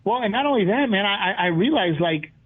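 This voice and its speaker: A man's voice: sits high, fairly quick. Man telling stories over a tinny line. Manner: animated storyteller, acts out quotes. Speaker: guest comedian. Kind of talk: casual interview chat.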